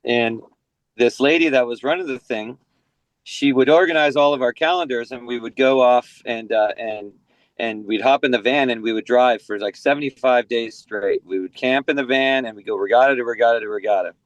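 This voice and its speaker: A San Diego man in his forties, guesting on a podcast, talks in a relaxed, meandering style full of restarts and "you know." His medium-pitched voice moves a little fast, and the lo-fi recording has no room sound.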